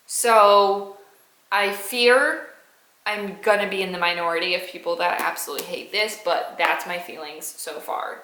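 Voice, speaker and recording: A woman's voice: mid-range voice, pushed and bright, echoey room, low-quality recording. A woman in her twenties talking casually in a reading vlog, frank and exasperated, swearing freely as she gives her opinions. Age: 20s. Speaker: book vlogger.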